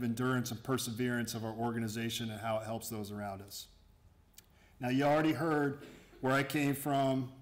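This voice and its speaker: A middle-aged Army commander speaking to his workforce in a room, in a loose, conversational way. He jokes and slips into sarcasm, wanders into asides and restarts, and keeps the tone easygoing. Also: medium pitch. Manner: joking and sarcastic. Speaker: Army garrison commander addressing staff. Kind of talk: informal introductory talk to a workforce. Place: room with an audience.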